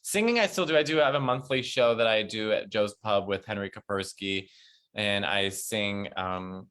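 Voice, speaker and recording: A man, a comedian, chatting casually as a guest and telling animated stories with acted-out quotes. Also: on the low side, moderate pace, smooth. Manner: animated storyteller, acts out loud quotes. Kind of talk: casual chat.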